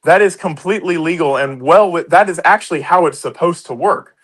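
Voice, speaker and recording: A combative man argues politics on a podcast, swearing freely and talking over his co-hosts. His voice sits a little high. He presses every point with force. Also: fairly quick, fairly bright tone, rough recording. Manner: combative, swears a lot, talks over others. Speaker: podcast co-host. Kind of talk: heated political debate.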